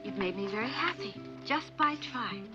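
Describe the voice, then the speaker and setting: An actress playing a firm, devoted schoolteacher who patiently encourages struggling children. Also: female voice, fairly high pitch, expressive, moderate pace, loud music behind the voice, natural voice. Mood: gently firm. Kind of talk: film drama acting. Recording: slightly dull film soundtrack.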